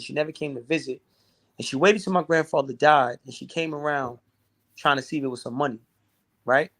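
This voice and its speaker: A man's voice: fairly high pitch, fairly bright tone. A man telling his own hard story as an interview guest, intense, often repeating and restarting his words. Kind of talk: emotional personal storytelling.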